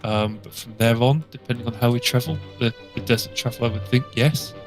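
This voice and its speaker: A man co-playing a game and calmly talking through options in a casual chat. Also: mid-range voice. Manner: thoughtful, measured suggestions. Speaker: co-player. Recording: music playing clearly underneath.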